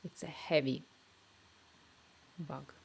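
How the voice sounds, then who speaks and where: At home, a woman streams herself coding, thinking aloud and haltingly dictating requests into a cheap microphone. Her voice is deep, creaky, and husky, with a steady tone.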